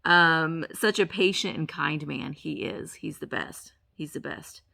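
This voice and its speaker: A woman vlogger with a gravelly, bright voice, chatting through an unboxing in an unhurried way. She gushes over every item she pulls out and talks playfully to the little objects as if they could answer. Her pitch swings up and down with lively excitement. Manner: gushing, exclaims over each item. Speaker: reseller vlogger. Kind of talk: casual unboxing chat.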